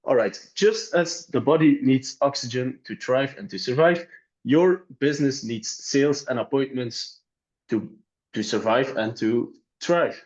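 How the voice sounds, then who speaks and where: Man rehearsing a sales pitch, muffled. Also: unhurried, a little mellow. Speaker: sales trainee.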